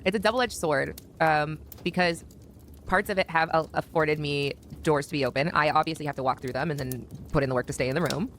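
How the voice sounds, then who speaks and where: A woman's voice: deep voice, a little fast, a bit bright, slight background noise. A woman talking openly as an interview guest, rambling a little with many fillers. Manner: open, rambling with frequent fillers. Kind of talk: candid interview talk.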